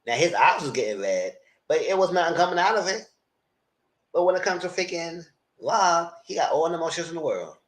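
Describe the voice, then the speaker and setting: A man hosting a live discussion of a reality show, dramatic and sassy, swinging into high exclamations. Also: animated, a little fast, roomy sound. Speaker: host.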